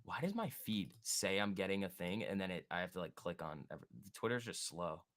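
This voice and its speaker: A man hosts a live stock trading stream, chatting casually, joking, and reacting to viewers and charts. His voice is low, very animated, and fairly bright, at a fairly quick pace.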